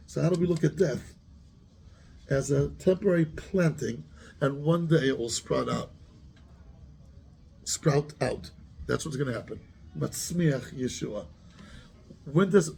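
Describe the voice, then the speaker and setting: Male rabbi, slightly high voice, raspy, questioning a class. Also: dark tone. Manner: asks the class questions, mixes Hebrew terms into English. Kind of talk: Torah class, lively explanation with questions to students.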